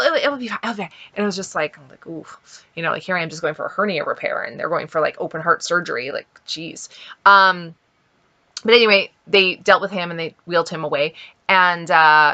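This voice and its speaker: A woman's voice: fairly low pitch, bright, forceful tone. Chatty woman telling a surgery story. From Canada. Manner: chatty, full of fillers and quoted asides. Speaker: vlogger. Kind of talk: casual storytelling.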